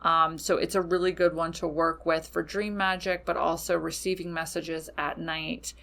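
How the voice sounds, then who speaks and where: A woman's voice: low voice, little pitch movement, moderate pace, vocal fry, fairly bright tone. A woman podcast host giving frank, casual spiritual advice, swearing freely and checking in with "okay?". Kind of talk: casual spiritual teaching talk.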